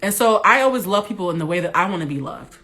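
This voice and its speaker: A woman with a big, loud voice hosts a candid monologue into her phone. She is blunt and animated and swears freely, with a mid-range voice that stays full and forceful. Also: mid-range voice, fast. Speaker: Instagram Live host.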